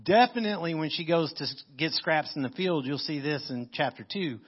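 A man's voice: on the high side, lively intonation, a little fast, slightly rough, dull audio. A male pastor preaching a sermon, reading scripture and explaining it in casual, conversational terms. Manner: conversational, paraphrases verses in casual modern speech.

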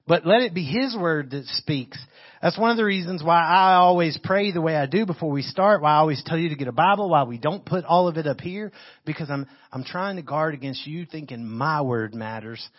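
A man's voice: fairly high pitch, muffled recording. A man preaching a sermon as pastor, talking casually with his congregation and raising his voice when he reads scripture aloud. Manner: lively, conversational preaching with sudden loud Bible readings.

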